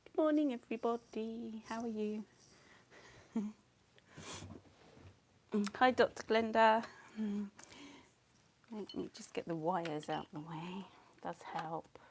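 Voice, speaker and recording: A woman's voice: mid-range voice, slow pace, long pauses. Casual female host, chatty and self-muttering, mid-range voice, faint background noise. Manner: chatty, scattered, laughs often, mutters asides. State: a bit out of breath. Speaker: live-stream painting host. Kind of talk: casual live-stream chat while painting.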